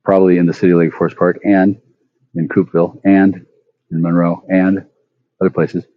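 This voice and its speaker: Deep raspy guy ranting at home on his phone, swears a lot, keeps restarting, dry muffled sound. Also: level tone, brisk, no echo. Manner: profane, repetitive, stammering restarts, sudden loud outbursts. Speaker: vlogger. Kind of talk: rambling monologue rant.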